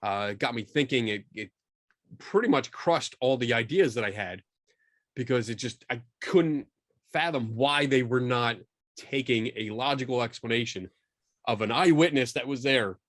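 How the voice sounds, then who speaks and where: A middle-aged man tells a story as a podcast guest, lively and quick to poke fun at himself. His voice sits at an everyday, mid-range pitch. The sound is dry and close, with no room around it. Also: dry recording. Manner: animated, self-mocking storyteller who acts out his own quotes. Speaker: guest, skeptical paranormal investigator. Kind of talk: casual storytelling in a podcast interview.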